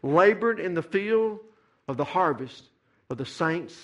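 A man's voice: sits high, expressive, unhurried, highs cut off. A middle-aged man preaching a sermon, building to fervent, repeated climaxes. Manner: rising to fervent shouted climaxes, repetitive preaching cadence. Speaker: pastor.

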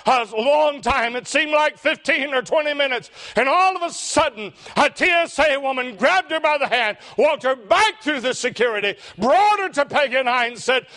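An older man, preaching a sermon and telling a heartfelt story, slowing down for emphasis. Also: extremely high pitch, lively intonation, bright, forceful tone. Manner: emotional, slows for emphasis.

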